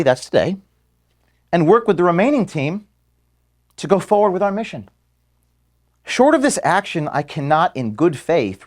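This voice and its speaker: A man speaks in an earnest, solemn tone, at a medium pitch, addressing his team in a recorded statement. He sounds emotional and near tears, and his voice sinks low and soft when he is moved. He is recorded in an office. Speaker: organization founder addressing staff.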